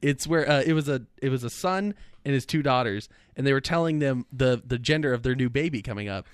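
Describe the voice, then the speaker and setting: A man's voice: mid-range voice, brisk, clear, resonant tone, no echo, clean studio sound. A man co-hosting a casual sports talk show, easygoing and telling stories between laughs. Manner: easygoing, laughs often, storytelling. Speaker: co-host.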